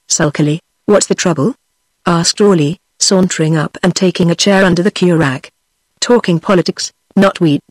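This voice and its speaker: British tts lady reading an audiobook, flat and steady, dead dry sound. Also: on the low side, husky, no room sound. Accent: British English. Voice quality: synthetic, even computer voice. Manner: steady reading that voices every character the same. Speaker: audiobook narrator. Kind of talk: text-to-speech book reading.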